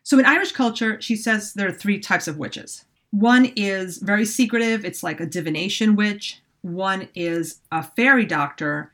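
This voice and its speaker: A woman co-hosting a podcast, calmly explaining points from a book in casual chat. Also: medium pitch, moderate pace, few pauses. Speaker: podcast co-host.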